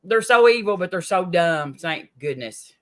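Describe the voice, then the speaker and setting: Bright-voiced, hesitant co-host. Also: medium pitch, lively intonation, normal speed. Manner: hesitant, many fillers and restarts, laughs between remarks. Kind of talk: casual political chat.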